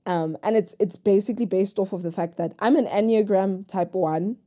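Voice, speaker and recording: Young female vlogger, warm low-key tone, candid and rambling, jumps tangents, pokes fun at herself. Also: normal speed. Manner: rambling, jumps between thoughts; frank and personal, self-mocking humor. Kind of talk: candid confessional vlog talk.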